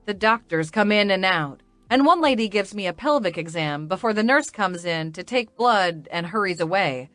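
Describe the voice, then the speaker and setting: A woman's voice: medium pitch, animated, normal speed, hardly any pauses, fairly bright tone, dry recording, faint music behind. A woman reading a first-person romance audiobook with an emotional, wobbly, tearful delivery. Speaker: audiobook narrator.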